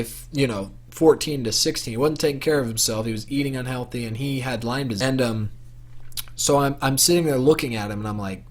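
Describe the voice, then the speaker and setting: A man's voice: mid-range voice, fairly bright tone. A young man telling a personal story to camera for his vlog in a casual, rambling way, full of fillers and restarts. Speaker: vlogger.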